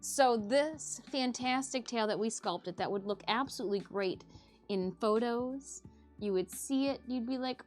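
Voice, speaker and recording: A woman streamer in casual chat, talking in an animated way. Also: on the high side, unhurried, soft background music. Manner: chatty and animated.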